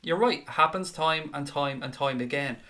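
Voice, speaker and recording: Bright-voiced, chatty male stream host. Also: on the high side, moderate pace. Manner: animated, chatty, blunt, swears casually. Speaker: fan chat show host. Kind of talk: live stream chat, reading viewer comments.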